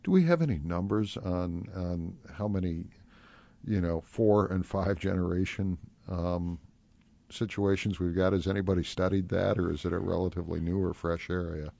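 A man hosting a call-in radio talk show, asking his guest thoughtful, relaxed questions. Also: low-pitched, normal speed, gravelly, dry recording. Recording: slightly dull radio broadcast sound.

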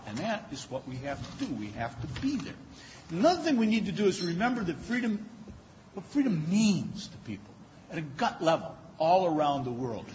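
Guy doing a funny speech, stumbles and restarts a lot, kinda high voice, echoey hall. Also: slight background noise. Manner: humorous, animated anecdotes with frequent stammered restarts. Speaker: speaker giving a lecture. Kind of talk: storytelling speech. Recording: dull lo-fi recording in a large reverberant hall.

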